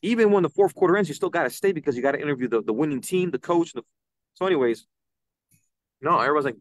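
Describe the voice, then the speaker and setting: A young man, a podcast guest, telling an animated story and acting out the people he quotes. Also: a little high, fast, no echo. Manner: excitable, acts out quoted voices. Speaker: podcast guest, citizen news reporter.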